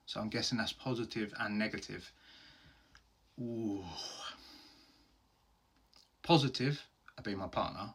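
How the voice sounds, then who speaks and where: A man speaks in a low voice with a rough, gravelly edge. His tone is a little husky, and he answers questions on his own in a candid, earnest way. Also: fairly bright tone. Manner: earnest, open and heartfelt, with plain everyday phrasing. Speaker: host answering viewer questions. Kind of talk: candid solo Q&A.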